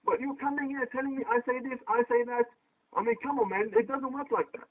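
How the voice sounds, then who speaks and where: Very high-pitched man debating over a tinny line. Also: fairly even intonation, fast. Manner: insistent, repeats his questions. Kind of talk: heated online debate. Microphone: poor quality microphone. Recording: tinny phone-like voice chat line.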